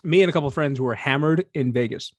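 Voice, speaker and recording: Male co-host, easygoing storyteller, mid pitch, dry booth sound. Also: fast, no echo. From Punjabi background. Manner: chatty, self-deprecating storyteller. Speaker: podcast co-host. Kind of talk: casual chat.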